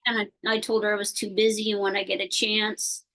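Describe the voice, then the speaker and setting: A woman chatting casually on a video call, telling a worried story in a rambling, halting way with many fillers. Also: mid-range voice, level tone, a bit bright, poor audio. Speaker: participant sharing a concern.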